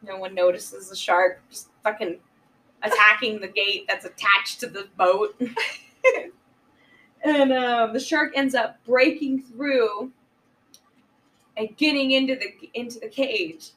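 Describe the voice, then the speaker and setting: A woman's voice: fairly high pitch, slow, long pauses, sharp tone, recorded from a distance, poor audio. A woman chatting casually on a podcast, rambling through a movie plot and swearing freely. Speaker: podcast co-host. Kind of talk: casual chat recapping a movie.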